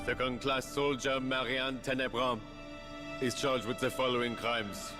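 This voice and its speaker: An actor playing a stern male military officer formally reading out charges in a game trailer, over loud music. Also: medium pitch, level tone, a little slow, close to an everyday voice.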